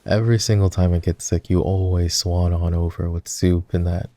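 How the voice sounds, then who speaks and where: A man's voice: low-pitched, level tone, moderate pace, dark tone, lightly acted. A man voicing a protective, teasing young boyfriend who looks after his sick partner, in an affectionate whispered role-play. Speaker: voice actor.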